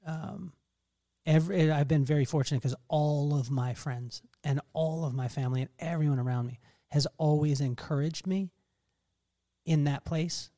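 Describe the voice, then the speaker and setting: High-voiced man telling animated stories. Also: normal speed. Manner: animated storytelling, mimics others' voices; laughs often. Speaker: podcast host. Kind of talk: casual chat.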